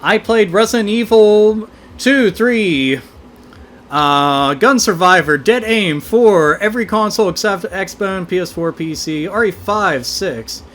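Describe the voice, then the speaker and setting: A man hosting a gaming livestream, ranting in animated, profane casual chat and thanking donors. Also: sits high, unhurried.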